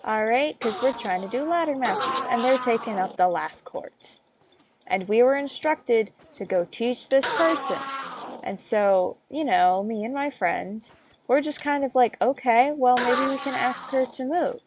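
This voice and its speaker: A woman's voice: a little high, expressive, unhurried. A teenage girl in a casual rant, rambling through a story with many fillers and tangents. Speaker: vlogger. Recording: loud background noise and clicks.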